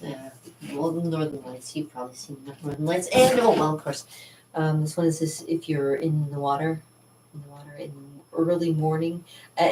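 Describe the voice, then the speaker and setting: A woman's voice: sits low, darkish tone, slight background noise. A woman painter chatting casually in her studio, rambling and laughing as she shows her work. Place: art studio indoors. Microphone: camera mic, moving around the room. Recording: roomy studio, voice from a distance.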